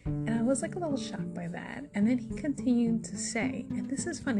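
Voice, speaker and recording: A woman's voice: a little high, animated, fairly quick, loud music behind the voice. A woman in her forties with a New York accent, hosting her own podcast and telling personal stories in a chatty, confident way. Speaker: podcast host. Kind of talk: casual personal monologue.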